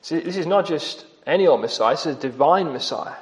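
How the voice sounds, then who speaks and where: A man preaching a sermon, emphatic, with shifts in pace and loudness for stress. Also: a little high, expressive, fairly quick. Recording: long reverb of a church hall.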